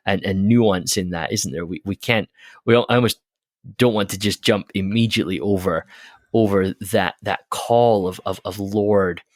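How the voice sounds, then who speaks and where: A man co-hosting a podcast, talking through a scripture passage in a thoughtful, halting way with frequent restarts and laughs. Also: on the low side, no room sound, clean studio sound. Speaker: podcast co-host. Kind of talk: casual theological discussion.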